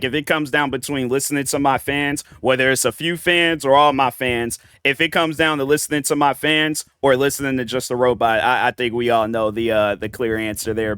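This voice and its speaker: Smooth-voiced man rambling through reaction commentary. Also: mid-range voice, sharp tone, no echo, studio quality. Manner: rambling, slangy, lots of restarts. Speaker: reaction video host.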